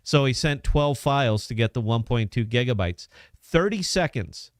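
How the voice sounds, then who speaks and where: A podcast host talks in a loose, profane, instructional way. His voice is clean and resonant at a middling pitch. The sound is dry and close. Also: animated, moderate pace, no echo. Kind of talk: casual podcast chat, demoing an app.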